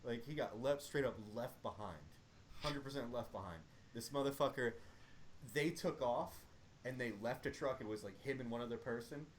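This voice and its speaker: A man's voice: mid-range voice, normal speed, a little hiss or hum. A young man and army veteran, casually telling profane, rambling stories about his service. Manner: profane, rambling war storytelling. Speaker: army veteran podcast guest. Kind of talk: casual chat.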